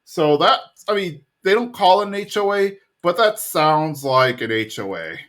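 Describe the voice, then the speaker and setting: A man co-hosts a podcast in casual chat, rambling through a retelling of a cartoon episode and briefly doing quick impressions of the characters. His voice is fairly high, very animated, and a bit bright.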